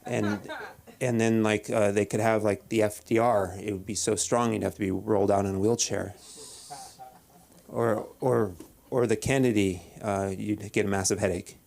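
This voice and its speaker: A male stand-up comic with a low, gravelly voice works an open-mic set on a club stage mic. His delivery is deadpan and stop-start, full of restarts and fillers.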